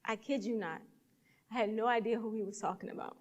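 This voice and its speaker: A woman's voice: on the high side, steady tone, fast talker, a little mellow, in a large hall, lo-fi sound. A woman speaker at a church event, telling a personal story in a sermon and acting out the dialogue with animation.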